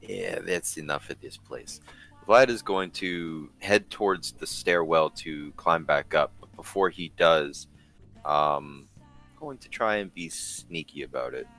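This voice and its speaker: Low voiced guy playing d&d, thinking out loud w lots of ums, quiet music in back. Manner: thinking aloud, pausing with ums and restarts. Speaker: tabletop game player. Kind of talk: describing his character's actions in casual play.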